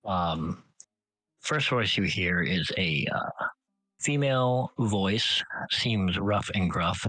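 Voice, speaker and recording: Low-voiced, forceful game master. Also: male voice, slow pace, no room sound, soft background music, low-quality recording. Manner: relaxed, filler-heavy, improvising. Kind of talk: casual tabletop game narration.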